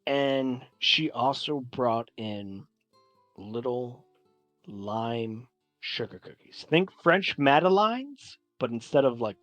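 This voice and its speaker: A man's voice: mid-range voice, lively intonation, slow pace, fairly bright tone, no room sound, faint music behind. Guy running a tabletop game, rambly descriptions, dry sound. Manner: descriptive, meandering, many "like"s. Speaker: game master.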